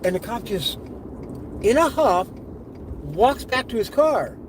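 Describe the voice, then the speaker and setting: A middle-aged man tells a casual story while driving, acting out the voices he quotes with lively energy. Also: very high-pitched, slow pace, poor audio. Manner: animated, acts out quoted voices. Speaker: live streamer. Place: inside a car on the road. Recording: car and road noise behind.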